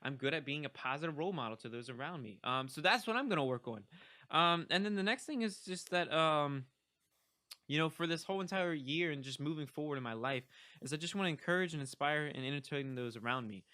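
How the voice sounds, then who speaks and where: A young man talks straight to his camera in a loose, rambling vlog, full of fillers and restarts. His voice is bright and sits a little high, and he keeps an upbeat, encouraging manner. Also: lively intonation, brisk. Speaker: vlogger. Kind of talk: casual talking-head vlog.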